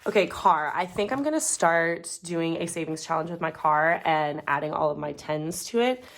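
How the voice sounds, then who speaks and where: A woman's voice: low voice, animated, normal speed. A woman in her twenties chatting casually as a budgeting vlogger, rambling and muttering numbers as she counts bills at home. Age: 20s. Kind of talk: casual chat while counting cash. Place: home, dog nearby.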